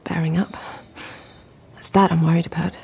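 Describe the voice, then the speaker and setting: A woman's voice: on the low side, flat delivery, moderate pace, gravelly, a crowd in the background. A young actress playing a daughter tracing family history after her mother vanished, speaking earnestly. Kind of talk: radio drama acting.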